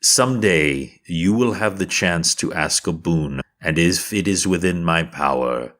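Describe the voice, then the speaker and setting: A man voicing a wise, weakened old male brass dragon who speaks slowly and formally. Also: sits low, fairly bright tone. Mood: solemn. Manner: slow, grave and formal.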